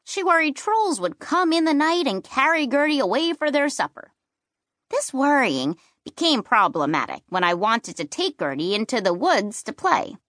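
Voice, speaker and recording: A woman narrating a children's fantasy book in first person, with playful and expressive storytelling. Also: high voice, moderate pace, no echo, studio quality. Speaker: audiobook narrator.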